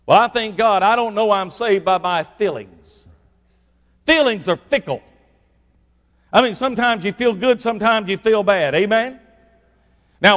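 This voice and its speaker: Preacher guy, pretty high voice, gets loud then real quiet, big echoey church sound. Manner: animated, swings from loud to hushed for emphasis. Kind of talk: sermon. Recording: echoey hall reverb.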